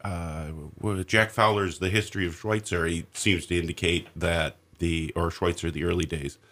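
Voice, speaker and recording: A man's voice: deep voice, fairly even intonation, moderate pace, fairly bright tone. A man hosting a conversation who asks questions and talks hesitantly, often restarting his sentences. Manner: hesitant, many restarts while asking questions. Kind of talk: casual chat.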